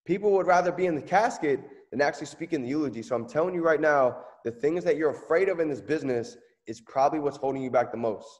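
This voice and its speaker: A man's voice: on the high side, fast talker, hardly any pauses, a little mellow. Guy giving a hype business training talk, keeps asking okay?, lots of room reverb. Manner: emphatic, asks "okay?" often, surges of energy. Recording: long reverb, echoey room.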